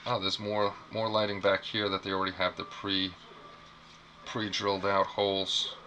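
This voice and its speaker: A man's voice: sits low, completely flat delivery, moderate pace, bright, forceful tone, poor audio. A man hosting a casual live unboxing stream from a small apartment, rambling, repeating himself and reacting to chat. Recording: clear background noise.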